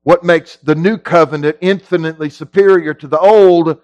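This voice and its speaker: A middle-aged male pastor preaching a sermon in a folksy way, moving between low, quiet teaching and loud shouting. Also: steady tone, normal speed, no echo, dull audio. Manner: folksy, drops into casual grammar.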